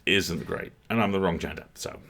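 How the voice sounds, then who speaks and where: Dry sarcastic guy reading a game out loud, really low gravelly voice. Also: normal speed. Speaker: co-host reading a game aloud. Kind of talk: casual playthrough chat and narration.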